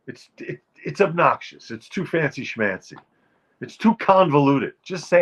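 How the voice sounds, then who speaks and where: A man's voice: on the high side, lively intonation, normal speed, slightly rough. A man hosting a show, delivering a wry, emphatic comic rant about turns of phrase. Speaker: show host. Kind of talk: comic monologue.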